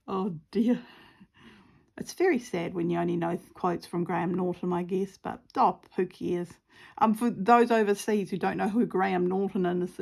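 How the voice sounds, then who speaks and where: Crafting at home, a woman who hosts a craft channel talks in a medium-pitched, slightly mellow voice with vocal fry. She's giggly and self-deprecating, rambling along and using plenty of fillers.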